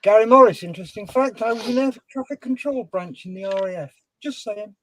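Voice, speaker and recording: High-voiced chatty male stream host. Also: a little fast, a little hiss or hum. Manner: chatty, reading out viewer names. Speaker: livestream host. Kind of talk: casual chat on a modelling stream.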